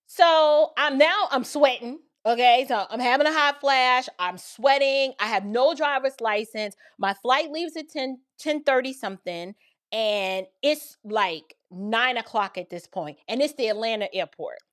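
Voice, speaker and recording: An animated woman tells a personal story to her viewers. Her voice sits a little high, and she slips into different voices when she quotes people. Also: a little slow. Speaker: show host.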